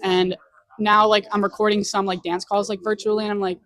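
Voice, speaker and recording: A teenage young man talking about his college auditions in a casual chat. He rambles in a talkative way, quick-paced and easygoing. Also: high voice, level tone, fairly bright tone. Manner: chatty, rambling.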